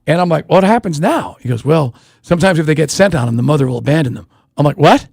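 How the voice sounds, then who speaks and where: Fast-talking high-voiced radio host man. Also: creaky, no room sound, clean studio sound. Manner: animated storytelling, quick and chatty. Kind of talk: casual radio chat. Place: radio studio. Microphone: studio microphone.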